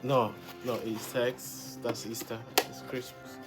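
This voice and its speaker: A woman with a low, unhurried voice hosts a casual unboxing vlog. She gushes and keeps repeating her exclamations, with music playing clearly under her. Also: little pitch movement. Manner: gushing, repeats exclamations over and over. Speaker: vlogger.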